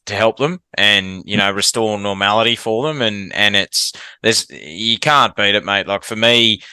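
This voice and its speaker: A man's voice: lowish voice, a little slow, pushed and bright, clean tone, no echo. An Australian man hosting a podcast, asking questions enthusiastically and saying "mate" a lot. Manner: enthusiastic, says "mate" often. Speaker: podcast host, firefighter. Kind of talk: casual podcast interview.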